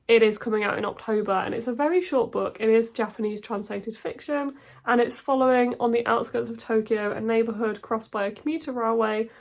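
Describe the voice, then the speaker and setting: A young woman with a head cold talks about her reading plans to camera. Her voice sits a touch high and sounds nasal and bunged up. She gushes with excitement in a loose, chatty way. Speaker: book YouTuber. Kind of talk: casual book chat to camera.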